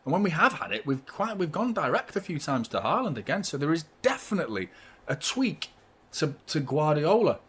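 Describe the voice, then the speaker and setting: A man's voice: fairly high pitch, sing-song, brisk, fairly bright tone, husky. A man hosting a live football watchalong, giving chatty, partisan fan commentary and swearing freely.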